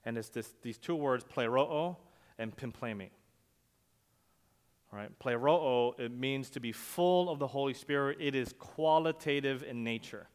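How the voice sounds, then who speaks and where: A male pastor preaching a sermon, telling stories conversationally and swinging from loud emphasis to quiet asides. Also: mid-range voice, moderate pace, clean tone. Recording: long hall reverb.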